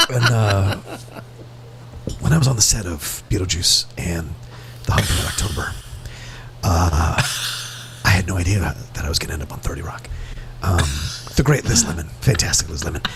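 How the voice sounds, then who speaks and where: A vain, boastful older movie star with a gravelly, low drawl, as a man puts him on, sometimes rushing and dropping to a whisper. The voice is pitched well below the performer's own, with gritty fry. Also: lively intonation, fairly bright tone, a little hiss or hum, full character voice. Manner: low, bragging, rushed drawl.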